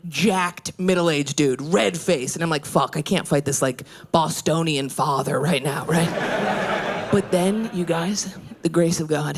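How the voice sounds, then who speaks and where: A woman in her thirties doing a stand-up set, telling a profane story in a brash way and breaking into yelling rants. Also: lowish voice. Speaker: stand-up comedian. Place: comedy club stage. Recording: live club with loud crowd laughter. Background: audience laughing.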